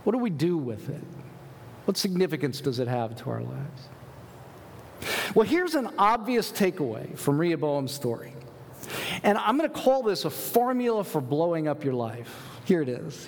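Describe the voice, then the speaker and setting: A man delivers a sermon with animated energy, tossing rhetorical questions at the congregation and reading passages aloud. His voice sits a bit high for a man. Long reverb trails each phrase, as in a big church sanctuary. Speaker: pastor.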